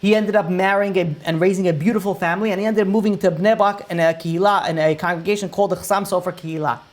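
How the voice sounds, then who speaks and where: Rabbi guy telling a dramatic story, acts out the lines, animated. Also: high voice, fast.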